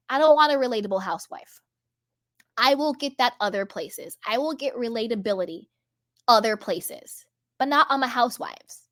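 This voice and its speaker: A woman's voice: on the high side, a bit bright, dry recording, clean studio sound. A young woman hosting casual reality TV commentary, sassy and emphatic, repeating her points for effect. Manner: emphatic, repetitive, sassy and chatty. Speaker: host.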